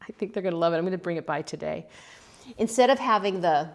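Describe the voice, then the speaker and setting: A woman's voice: lowish voice, a little fast, pauses often. Chatty, emotional woman pottery vlogger. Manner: chatty and emotional, laughing through near-tears. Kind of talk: casual chat.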